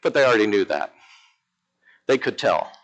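A man who is an Episcopal priest, preaching a lively, emphatic sermon in church with humorous asides. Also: fairly low pitch, moderate pace, low-quality recording.

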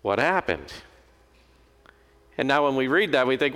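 A man's voice: mid-range voice, animated, a little slow, fairly bright tone. A man preaching a sermon in a conversational, storytelling manner. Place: church. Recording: long hall reverb.

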